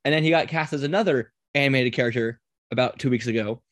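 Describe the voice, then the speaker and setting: A man's voice: medium pitch, quick pace, no echo. A man hosting a casual podcast, chatty and rambling, often laughing. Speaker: podcast host.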